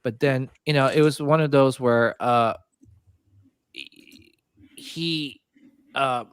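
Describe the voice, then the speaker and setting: A man's voice: medium pitch, takes it slowly, clean tone, no room sound. Male podcast host, eager rambling delivery, dry close sound. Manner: enthusiastic, rambling. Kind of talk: casual chat.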